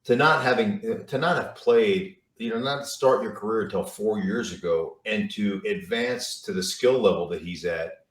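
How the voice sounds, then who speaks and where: A middle-aged man with a low voice tells football stories in a relaxed, rambling way, full of restarts and fillers. He sounds set back from the mic, with a roomy echo around him. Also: normal speed, hardly any pauses, recorded from a distance. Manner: rambling, repeats words, lots of fillers. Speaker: TV football analyst, guest. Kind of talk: casual storytelling interview.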